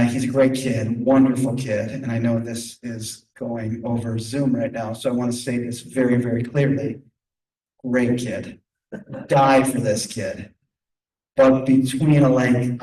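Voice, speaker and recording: A middle-aged man lectures in a relaxed, joking storytelling way, with a voice of middling pitch. He sounds far from the microphone, and the room around him is roomy and echoing. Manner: conversational, humorous storytelling. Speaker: guest lecturer. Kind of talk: lecture with personal stories. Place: lecture room, streamed on video call. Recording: echoey room from a distance.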